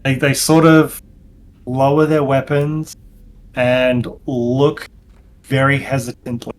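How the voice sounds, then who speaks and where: A man narrating as game master for a tabletop game, halting with frequent ums and restarts. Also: medium pitch, little pitch movement, a little hiss or hum.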